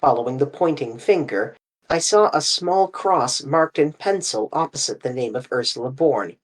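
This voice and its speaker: Animated, expressive audiobook reader. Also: mid-range voice, moderate pace. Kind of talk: scripted audiobook narration.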